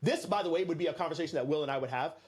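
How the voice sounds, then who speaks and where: A man from Florida, a podcast guest, telling a story in an energetic, emphatic way and talking straight to the listeners. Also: on the high side, rapid-fire, slight background noise. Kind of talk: animated storytelling to an audience.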